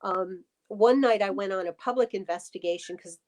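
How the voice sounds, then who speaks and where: Animated woman telling a ghost story. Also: medium pitch, moderate pace. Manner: animated storyteller, many restarts. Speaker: guest. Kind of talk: casual live-stream chat.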